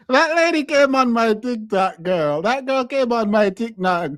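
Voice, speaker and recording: A man's voice: very high voice, lively intonation, a little slow, fairly bright tone, dry recording, studio quality. A man hosting a live stream, telling a story in a casual chat and laughing often. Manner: laughs often, talks animatedly.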